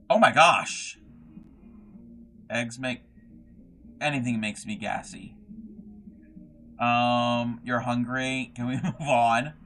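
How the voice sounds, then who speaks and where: A man's voice: mid-range voice, slow pace, pauses often, fairly bright tone, faint music behind. A young man hosting a casual craft livestream, reading chat messages aloud and rambling with lots of fillers and restarts.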